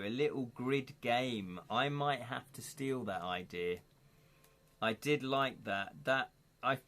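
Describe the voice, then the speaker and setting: Reading an adventure gamebook on a relaxed live stream, this UK host has a mid-range voice with a fairly bright tone. He keeps interrupting the text to chat and laugh, joking and rambling, and frequently trips over words and starts them again.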